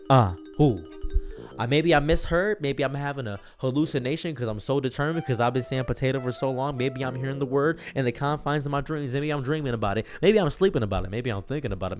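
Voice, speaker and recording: A young man telling an absurd comic story in a deadpan, rambling way. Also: mid-range voice, fast talker, few pauses, faint music behind. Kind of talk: comedic storytelling.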